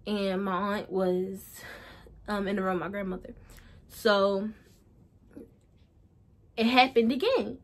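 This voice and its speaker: Young woman rambling through a storytime. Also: on the high side. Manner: rambling, repeats herself while recounting. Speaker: vlogger. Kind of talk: casual storytime.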